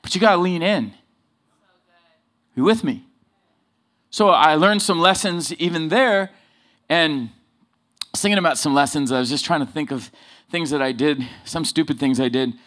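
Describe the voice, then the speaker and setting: Animated, punchy male preacher. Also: normal speed, long pauses. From Southern California. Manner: animated, swings from loud emphasis to low asides. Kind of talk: sermon with personal stories.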